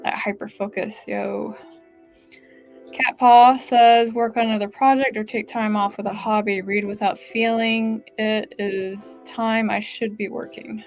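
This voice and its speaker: A woman's voice: mid-range voice, fairly even intonation, a little slow, darkish tone, faint music behind. A woman hosting a live writing-sprint stream, chatting casually and reading viewer comments aloud, with lots of "like" fillers.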